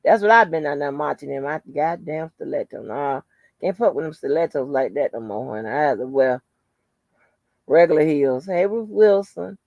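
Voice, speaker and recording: A woman's voice: low voice, moderate pace, darkish tone, no echo, dull audio. Blunt, profane woman chatting on a live stream. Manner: greets viewers by name, blunt and profane. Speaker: channel host. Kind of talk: casual live-stream chat.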